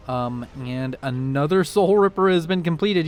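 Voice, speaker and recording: A man's voice: fairly high pitch, a little slow, few pauses, soft background music. Rambling, jokey male game caster. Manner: rambling, jokey, talks straight to the players. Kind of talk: strategy game commentary.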